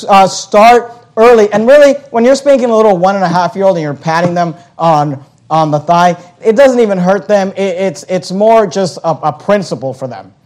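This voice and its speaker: A man with a notably high voice delivers a sermon, talking to the congregation in a loose, conversational way. He stumbles over his words and repeats himself often as he pushes his points. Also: a little mellow. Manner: conversational preaching with frequent stammered restarts. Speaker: pastor.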